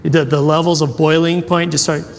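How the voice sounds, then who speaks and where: A man's voice: a little high, moderate pace, vocal fry. A man preaching a sermon as a pastor, telling a story with acted-out quotes and questions to the crowd. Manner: animated storytelling, acts out quotes, asks audience questions. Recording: long hall reverb.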